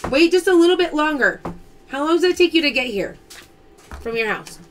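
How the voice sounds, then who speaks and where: A woman's voice: sits high, animated, a little fast. A woman hosting a live-streamed pearl sale, chatting casually, greeting viewers by name and reading out their comments. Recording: clear background noise.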